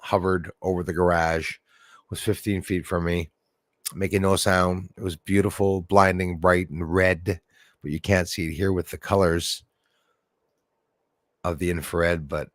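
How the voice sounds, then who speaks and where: A man with a Canadian accent hosting a livestream, telling his story with animated exclamations that build to near shouts. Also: low-pitched, a little slow, no echo, studio quality. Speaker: livestream host.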